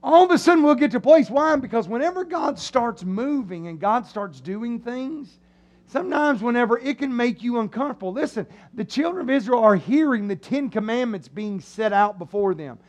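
Lively preacher guy, really high voice, acts out the crowd, church sermon. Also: moderate pace, dull audio. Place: church sanctuary.

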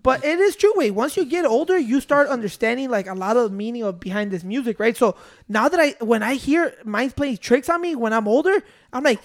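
A man's voice: extremely high pitch, brisk. Man bantering, swearing and laughing. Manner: swears freely, drops Spanish slang, laughs between lines. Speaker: podcast co-host. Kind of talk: casual banter.

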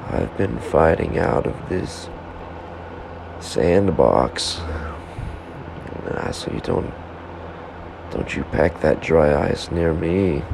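A fan hums in the room as a man with a low, creaky voice records a solo podcast at home. His monologue is rambling and self-interrupting, full of him heckling himself.

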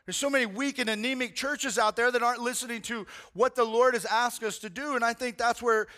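A man preaching a sermon, retelling a story in animated, casual language with slang like "man" and "bro". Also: very high voice, fairly quick. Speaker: pastor.

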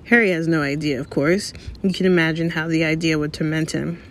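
A woman reading aloud, voicing a pompous, portly male government minister in a smooth, self-important way. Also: low-pitched, steady tone, brisk, slight background noise. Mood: pompous, grave. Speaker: reader. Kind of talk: read-aloud audiobook.

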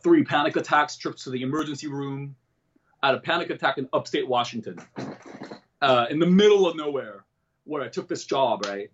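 Animated man telling a candid story. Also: on the high side, highs cut off, a little hiss or hum. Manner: self-deprecating, jokes about dark topics; animated, switches into quoted voices. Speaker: comedian and guest. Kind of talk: candid personal storytelling in an interview.

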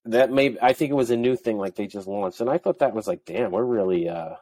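A man's voice: medium pitch, fast, darkish tone. A man co-hosting a casual talk show in an easygoing, agreeable way. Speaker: podcast co-host. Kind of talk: casual chat.

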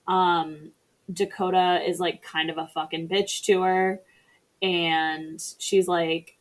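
A woman's voice: fairly low pitch, slow pace. A woman casually recapping a film on a podcast, chatty and sarcastic, swearing freely. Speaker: podcast co-host or guest. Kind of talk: casual movie recap chat.

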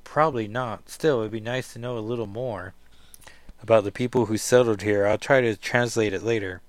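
A man's voice: fairly low pitch, fairly even intonation, normal speed, no room sound, natural voice. A man reading aloud as a thoughtful, troubled young woman in a comic book, in a musing, inward tone. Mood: reflective.

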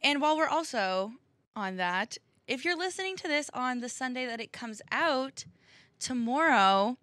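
Bright, effusive young woman podcast host. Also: high-pitched, lively intonation, moderate pace, no echo. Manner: earnest, effusive, heavy use of "like". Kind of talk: casual podcast chat.

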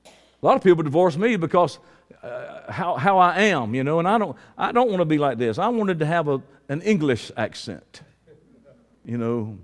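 Georgia-accented preacher, high lively voice. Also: male voice, normal speed. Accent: Southern US, Georgia. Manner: folksy, calls out to the congregation. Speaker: pastor. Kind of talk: sermon. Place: church hall. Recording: preaching in a reverberant hall.

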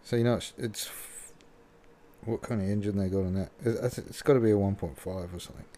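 Low-voiced man hosting a giggly, rambling reaction video. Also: brisk, dark tone. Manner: laughs often, rambling with fillers. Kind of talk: casual commentary on a clip.

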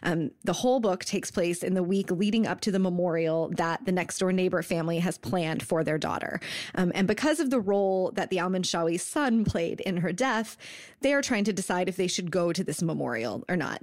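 A woman co-hosting a podcast, summarizing a book in a steady, explanatory way with some ums. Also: fairly low pitch, brisk, no echo, clean studio sound. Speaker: podcast co-host. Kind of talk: casual book chat.

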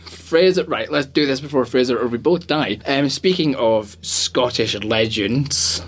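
A man co-hosting a podcast in casual chat, enthusiastic and jokey, rambling quickly. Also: mid-range voice, slight background noise. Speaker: podcast co-host.

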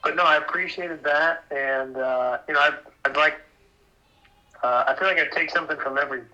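A male podcast guest talks casually, stumbling over and repeating words as he thinks. His voice is very bright and sharp, and it comes through a dull, lo-fi remote line. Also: a little high, fairly even intonation. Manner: hesitant, repeats words, halting.

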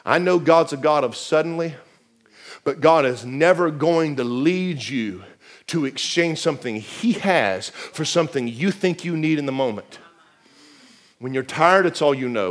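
Preaching pastor who swings loud and soft. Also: male voice, on the high side. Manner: preaching with big swings from loud to hushed, repeating phrases. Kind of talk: sermon. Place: church.

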